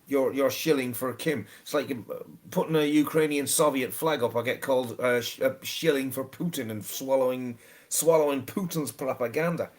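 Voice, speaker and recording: A man's voice: medium pitch, moderate pace. A man in casual podcast chat, ranting, swearing freely and stumbling over repeated words.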